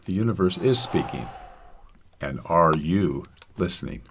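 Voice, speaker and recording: A man co-hosting spiritual talk radio, calm and measured. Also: low-pitched, a little hiss or hum. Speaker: radio show co-host.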